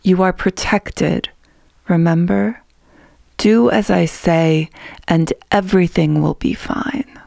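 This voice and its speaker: A woman reading aloud and voicing a stern, protective older woman who speaks firmly in a hushed tone. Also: fairly low pitch, slow pace, gravelly, dry recording, studio quality, full character voice. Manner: firm, hushed and commanding.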